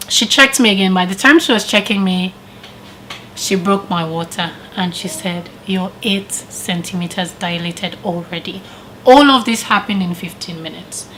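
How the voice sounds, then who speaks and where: A woman vlogger casually telling a personal story with animated retellings and frequent laughter. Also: medium pitch, slight background noise, poor audio. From living in Canada.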